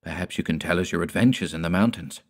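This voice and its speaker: A man voicing a gentle young village girl. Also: sits low, fast talker. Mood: coaxing. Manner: soft, coaxing.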